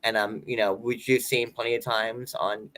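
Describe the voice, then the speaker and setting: A man's voice: mid-range voice, level tone, normal speed, a bit bright. Chatty Long Island man, rambling. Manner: rambling, many fillers, laughs, imitates accents. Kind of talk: casual chat.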